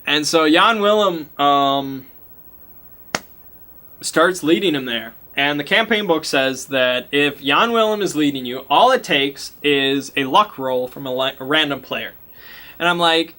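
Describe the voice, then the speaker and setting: Bright-voiced man recapping a tabletop game. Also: fairly high pitch, expressive, unhurried. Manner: laughing, casual swearing, slangy. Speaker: game master. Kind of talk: casual retelling of a tabletop game session.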